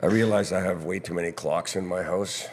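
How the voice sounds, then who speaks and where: A hoarse man, a guest musician telling rambling stories in a casual chat at a pub's back bar. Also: deep voice, fairly even intonation, fairly quick, long reverb tail, slight background noise. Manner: chuckling, rambling storyteller.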